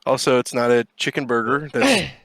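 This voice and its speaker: A man's voice: mid-range voice, very animated, moderate pace, creaky, fairly bright tone, no room sound. A man co-hosting a gaming podcast, ranting in a casual, profane and sarcastic way. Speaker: podcast co-host. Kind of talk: casual chat.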